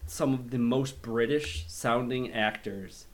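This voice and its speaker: A man's voice: mid-range voice, slow. A man chatting casually about films in a middle-range voice. He talks loosely, laughing often and restarting his sentences. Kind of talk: casual chat about movies.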